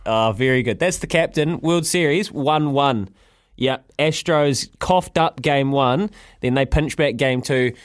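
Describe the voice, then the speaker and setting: A New Zealand man hosting a sports radio show, jovial and quick to laugh. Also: mid-range voice, clean tone, no echo, clean studio sound. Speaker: radio host.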